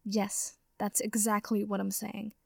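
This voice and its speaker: A woman's voice: mid-range voice, completely flat delivery, measured pace, gravelly, dry recording. Sincere lovestruck young wizard guy, woman reading, dry sound. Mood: earnest. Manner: sincere, pleading. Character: earnest young wizard man, open and affectionate.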